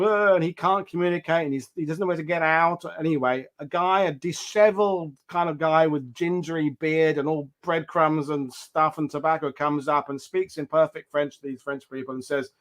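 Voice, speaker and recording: A man with a slightly higher-than-usual voice hosts a history chat over a video call. He tells stories in an animated, rambling way and keeps restarting his phrases. The style is casual and anecdotal. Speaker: host.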